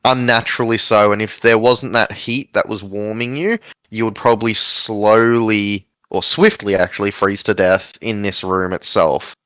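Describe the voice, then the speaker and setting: A man's voice: lowish voice, fairly even intonation, normal speed, fairly bright tone, clear, resonant tone, no room sound. A man narrating a tabletop game as game master, describing scenes with frequent fillers.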